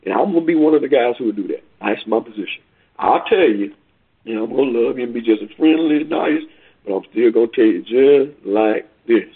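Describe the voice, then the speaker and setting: A man's voice: mid-range voice, expressive, fairly quick, husky. A man preaching a sermon, reading scripture and building to emphatic, repeated appeals. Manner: emphatic, rising to loud appeals. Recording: tinny phone line.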